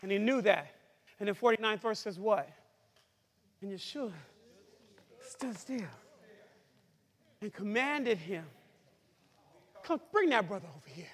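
Male preacher, very high and slow, fiery sermon delivery, reverberant hall. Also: expressive. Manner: shouting, cries out, swings from loud to hushed.

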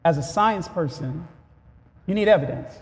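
A man preaching as a pastor, moving from relaxed conversational talk to loud shouted call-and-response preaching with rhetorical questions. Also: on the high side, moderate pace, long reverb tail. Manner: asks rhetorical questions to the congregation. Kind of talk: sermon.

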